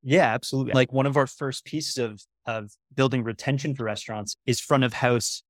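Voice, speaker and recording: A man's voice: mid-range voice, fairly even intonation, a little fast, no room sound, studio quality. A man hosting a podcast, agreeing and then explaining his own method in casual chat. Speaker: podcast host.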